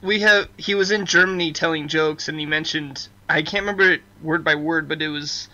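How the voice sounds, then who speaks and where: A man with a rather high, very sharp, tense voice chats on a podcast. He talks hesitantly and often repeats words. His line sounds dull and lo-fi. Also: steady tone, brisk. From United States. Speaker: podcast co-host. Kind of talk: casual chat. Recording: dull lo-fi audio.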